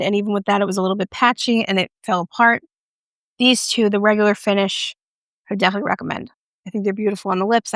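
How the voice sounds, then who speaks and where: A chatty woman talks through a makeup review in a playful, joking way. Her voice carries a gravelly edge of vocal fry, and it sounds dry and close, with no room echo. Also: medium pitch, fairly bright tone. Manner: playful, chatty, jokey asides. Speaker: beauty vlogger.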